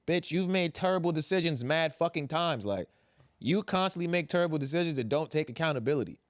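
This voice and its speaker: A young adult man on a podcast, recapping a TV finale in casual, profane, animated chat and acting out quotes. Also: fairly high pitch, quick pace, dry recording, studio quality. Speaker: podcast co-host.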